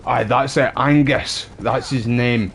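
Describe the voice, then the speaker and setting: A man's voice: medium pitch, fairly even intonation, slow pace, gravelly, a bit bright, a little hiss or hum. A Scottish man chatting casually while streaming a game, rambling between stories. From Scotland. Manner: rambling, chatty, uses local slang. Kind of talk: casual gameplay chat.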